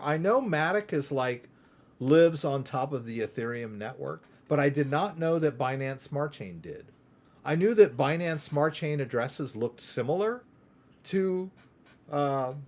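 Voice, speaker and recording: A man from the United States runs a casual live crypto Q&A. He rambles through a screen demo and keeps asking "right?". His voice sits a little high for a man. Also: darkish tone. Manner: chatty, rambling, asks "right?" often. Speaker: crypto livestream host.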